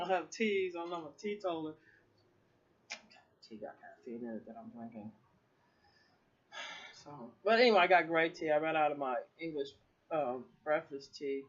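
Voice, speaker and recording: A woman's voice: low-pitched, dull audio. A woman talking casually to camera in a rambling vlog, swearing freely and laughing often. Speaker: vlogger.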